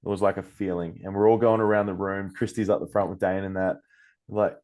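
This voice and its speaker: A man's voice: deep voice, fast talker. Australian man telling stories casually. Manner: animated, swears freely, acts out quoted speech. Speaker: podcast guest, coach. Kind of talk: casual storytelling.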